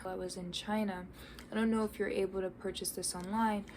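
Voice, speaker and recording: A woman's voice: mid-range voice, little pitch movement, fast, a little mellow, a little hiss or hum. An American woman vlogging casually about learning a language, earnest and encouraging as she shares tips. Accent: American English. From United States. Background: background music.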